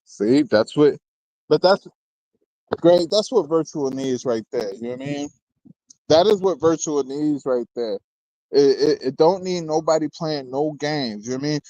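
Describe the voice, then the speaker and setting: A man with a warm, somewhat high voice talks at a moderate pace, rambling as a battle rap host in casual commentary. He's loose, keeps asking "you know what I mean," laughs between remarks, and jokes with chat. The recording is dry and rough.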